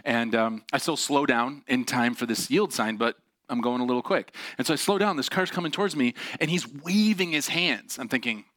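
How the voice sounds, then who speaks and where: A man's voice: medium pitch, normal speed, a bit bright, no echo, studio quality. A pastor preaching a sermon, telling personal stories in a conversational way and driving his points home with emphatic repetition.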